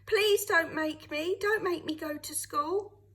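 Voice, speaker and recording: A woman reading aloud, voicing a frightened ragged young boy who shouts and pleads. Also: very high voice, slow, pitched above the performer's own voice, full character voice. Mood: pleading.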